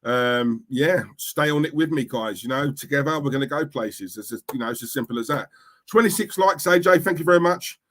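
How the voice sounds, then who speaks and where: A young Cockney speaker from East London, his mid-range voice fairly quick and bright, hosts a casual stream and works through the chat aloud. Blunt and repetitive, he circles back on what he says.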